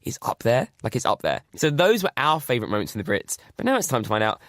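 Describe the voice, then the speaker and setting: A man's voice: mid-range voice, huge pitch swings, fast, a bit bright, no room sound, clean studio sound. A man hosting a casual podcast chat, chatty and filling talk with "like". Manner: chatty, says "like" often. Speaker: podcast host.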